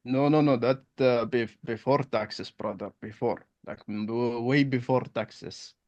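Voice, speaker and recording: A man's voice: mid-range voice, fairly even intonation, measured pace, darkish tone, no room sound, muffled recording, close to an everyday voice. A man playing a blunt, direct male accountant prospect in a sales roleplay, talking in short, broken phrases. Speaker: roleplay partner.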